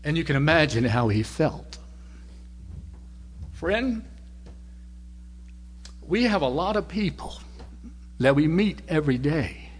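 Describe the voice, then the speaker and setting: Storytelling preacher, loud to hushed. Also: male voice, fairly high pitch, big pitch swings, takes it slowly, pauses often, slightly rough. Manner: conversational, varies loudness from loud to near-whisper. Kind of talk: sermon with storytelling.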